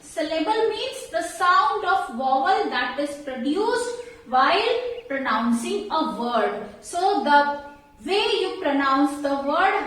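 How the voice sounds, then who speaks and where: A woman's voice: sits high, a bit bright. A woman teacher patiently explains a school workbook lesson and spells words out letter by letter. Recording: echoey room, voice far from the mic.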